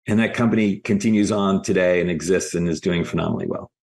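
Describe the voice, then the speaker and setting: A man's voice: low-pitched, fast. A man working as an executive coach, telling stories in a podcast interview and acting out the dialogue in them. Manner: lively anecdotes, re-enacting dialogue in quotes.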